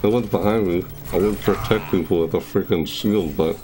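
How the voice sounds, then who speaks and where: A man giving casual gameplay commentary, excitable, laughing often and yelping high when thrilled. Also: moderate pace, slight background noise. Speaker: gaming video creator.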